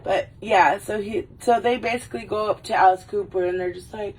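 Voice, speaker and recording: A woman rambles through a casual livestream chat, laughing and swearing often. Her voice sits at an ordinary middle pitch. She sounds a little away from the microphone. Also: normal speed, hardly any pauses, breathy edge. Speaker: livestream host. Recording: voice a little far from the mic.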